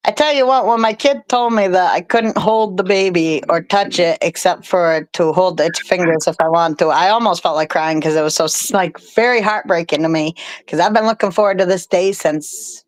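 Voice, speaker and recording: A woman's voice: on the low side, normal speed, hardly any pauses. An older woman co-hosting a live stream, telling a personal story in casual chat in a rambling, heartfelt way.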